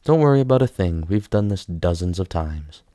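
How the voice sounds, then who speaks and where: A man's voice: low voice, animated, moderate pace, warm tone, no echo, clean studio sound. A man reading the part of a doting, motherly woman who speaks in a cooing, sweetly reassuring way.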